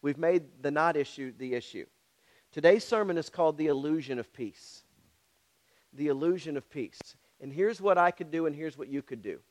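Brief: male pastor, high pitch, direct and challenging sermon delivery. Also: moderate pace. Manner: direct, repetitive and challenging, talks to the congregation.

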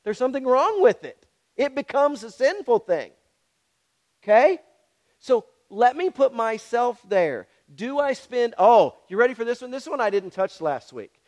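High voiced pastor guy preaching, blunt, keeps repeating questions. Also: very animated, unhurried, a little mellow. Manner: direct, repetitive and challenging, talks to the congregation. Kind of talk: sermon.

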